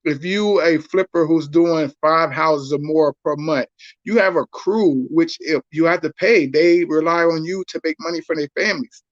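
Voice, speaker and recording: A man calling in as a guest, talking loosely and conversationally with plenty of fillers. His voice sits a little high. The call audio is dry and dull. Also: steady tone, normal speed, no echo. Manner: loose, conversational, lots of "you know". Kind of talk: casual video call interview. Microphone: video call.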